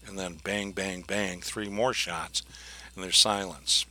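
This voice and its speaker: A man's voice: sits low, level tone, measured pace, bright, forceful tone. A man teaching a class, retelling a case in a plain, conversational way with frequent restarts. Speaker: instructor. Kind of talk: conversational lecture recounting a case.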